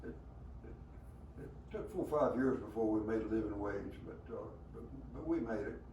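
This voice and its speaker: A man's voice: on the low side, moderate pace, dark tone, lo-fi sound. Elderly Southern man telling old stories. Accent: Southern American. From rural Alabama. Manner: rambling storyteller, many hesitations and chuckles. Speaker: veteran being interviewed. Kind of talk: storytelling interview. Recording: roomy, from a distance, faint background noise.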